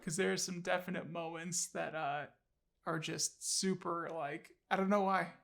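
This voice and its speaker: A man's voice: fairly high pitch, steady tone, a little slow, creaky, a bit bright. A man casually reviewing an audiobook on his channel, enthusiastic and rambling, with many fillers and restarts.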